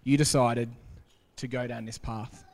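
A man preaching a sermon as pastor, acting out quoted voices and dropping to a hush for emphasis. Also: mid-range voice, measured pace, creaky. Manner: animated, acts out quoted voices, drops to quiet for emphasis. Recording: long hall reverb.

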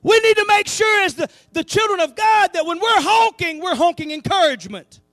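High-voiced preacher man, animated delivery. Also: a little fast, no echo, clean studio sound. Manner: animated preaching with call-and-response asides. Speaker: pastor. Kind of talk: sermon. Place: church sanctuary.

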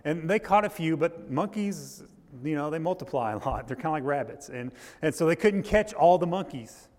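A man preaching a sermon as pastor, telling a story in a loose, halting way with frequent restarts. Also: a little high, animated, darkish tone, big-room sound. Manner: storytelling with restarts and rising intensity. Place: church.

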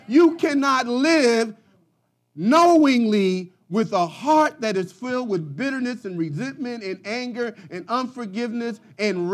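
A man preaching a sermon, swinging from quiet, low asides to loud, shouted passages. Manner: preaching with rising shouts and dramatic swings in volume. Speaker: pastor.

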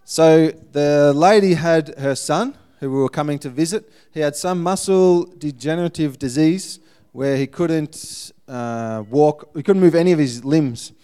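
Smooth, higher-voiced man telling a testimony. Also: unhurried. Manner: lively, acts out the people in his story. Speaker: guest speaker, missionary. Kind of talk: storytelling sermon testimony.

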